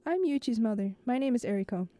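A woman doing a glamorous, husky older lady in a rush. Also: fairly high pitch, expressive, quick pace, dark tone, no echo, close to an everyday voice. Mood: warm, hurried. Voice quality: slightly husky.

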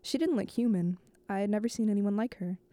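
Mellow-voiced woman reading a novel aloud. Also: medium pitch, no echo. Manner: slow, measured, with stumbles and restarts.

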